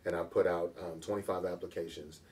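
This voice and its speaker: Laid-back guy with a lowish voice telling stories in an interview, sounds a bit far from the mic, faint hiss. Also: fairly even intonation, a little fast, a little mellow. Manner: laid-back storyteller, laughs easily, slips into rap delivery. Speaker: hip-hop artist guest. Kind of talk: casual interview chat.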